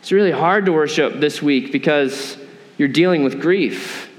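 A male pastor with a high, lifted voice delivers a conversational sermon, slipping into quick acted asides to make his point. His words ring out with a long reverb from the church hall around him.

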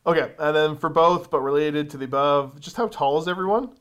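A man's voice: fairly high pitch, fairly quick, a bit bright. Laid-back young man chatting on a stream. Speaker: co-host reading viewer questions. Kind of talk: casual chat.

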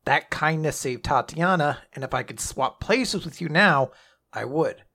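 A man doing a remorseful male traitor in a low, subdued voice. It is gravelly yet bright-edged and pitched lower than his own usual talk. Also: lively intonation, a little slow, full character voice. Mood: solemn, regretful. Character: remorseful male traitor swordsman, self-sacrificing.

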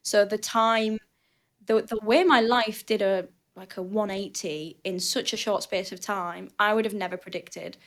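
A woman in her twenties with a mid-range, slightly slow voice tells stories as a guest athlete in a casual chat. Born in Hull, England, and raised in southern Spain, she has a thick Northern English accent and is an animated, chatty storyteller who uses lots of fillers.

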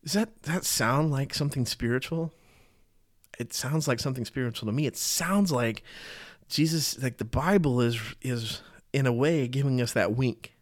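A man's voice: medium pitch, moderate pace. A man giving a casual, earnest Bible teaching, talking conversationally and often repeating and restarting his phrases.

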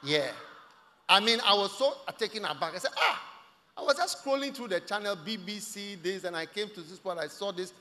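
A man preaching in a large church hall, his voice high and bright. He moves freely between hushed, close asides and loud, ringing exclamations. A long reverb trails after every line. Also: animated, brisk. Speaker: pastor. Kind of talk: sermon.

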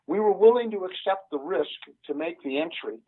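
An older man, a retired police sergeant, telling a story in an interview in an earnest, halting way with many "uh" fillers. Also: high-pitched, expressive, slightly rough. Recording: tinny phone line.

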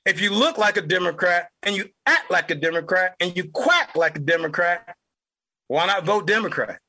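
Man, podcast host, high voice, heated rant, repeats for emphasis. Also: moderate pace, gravelly, pushed and bright, husky, rough recording. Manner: emphatic, repeats lines for stress. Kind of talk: political podcast monologue.

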